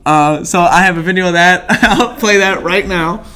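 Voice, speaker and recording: High-voiced young man telling a story. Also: normal speed. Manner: animated storytelling with laughs and self-corrections. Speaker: podcast host. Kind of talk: casual chat.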